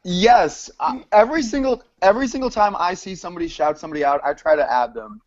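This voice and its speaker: A man's voice: sits high, quick pace. A man guest answering eagerly and apologetically in casual chat. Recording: dull lo-fi audio.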